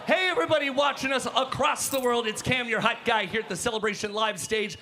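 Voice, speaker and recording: A high, gravelly male hype host works a convention floor. He shouts with excitement and chats with fans as he moves through the crowd. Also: fairly quick, slight background noise. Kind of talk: energetic live event hosting.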